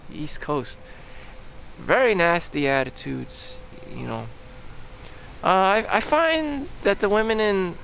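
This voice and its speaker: A man's voice: fairly high pitch, vocal fry, fairly bright tone, slight background noise. A young man, talking in a rambling, profane vlog monologue full of fillers and restarts. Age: young adult. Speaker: vlogger. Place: outdoors in a town.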